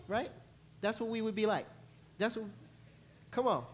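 Man, pastor, sermon, animated, playful, church sanctuary. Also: high-pitched, moderate pace, long pauses. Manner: animated, playful, acts out voices and laughs with the congregation.

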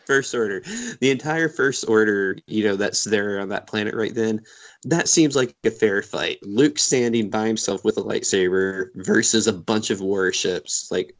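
Lower-voiced male co-host, eager fan recapping a favorite scene in casual chat. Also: normal speed. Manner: enthusiastic, animated storytelling. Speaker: podcast co-host.

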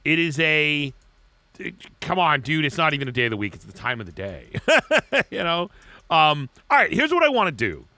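A man co-hosting a podcast in loose, crude banter, restarting his sentences again and again. His voice is bright and forceful and swings widely in pitch. The sound is dry and close to the mic. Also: very animated, normal speed, no room sound. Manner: rambling, crude joking, frequent restarts. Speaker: podcast co-host. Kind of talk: casual chat.

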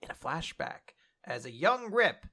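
A man's voice: on the high side, very animated, measured pace, sharp tone. A man casually recapping a manga chapter as a podcast co-host, rambling and laughing often.

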